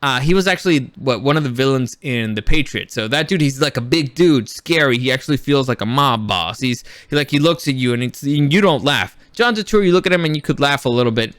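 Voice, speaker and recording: Man, movie reviewer, casual and rambling, blunt, mid-pitched voice, dry close sound. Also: lively intonation, fairly quick, hardly any pauses, a bit bright, no echo. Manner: rambling, many restarts, blunt and profane. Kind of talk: casual spoken film review.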